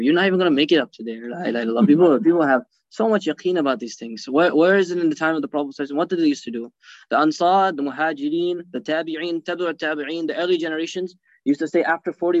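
A man with a slightly high voice teaches a religious class at a quick clip, firing rhetorical questions at his listeners and weaving Arabic phrases into his English. The recording is dull and lo-fi, with a dry sound. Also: dry recording. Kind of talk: hadith class lecture.

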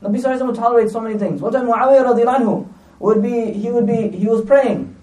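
A man preaches in a very high, mellow voice, telling stories at a quick clip and repeating phrases for emphasis. He sounds well back from the microphone, and the room's echo surrounds his words. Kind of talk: sermon with lively storytelling. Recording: echoey room, distant mic.

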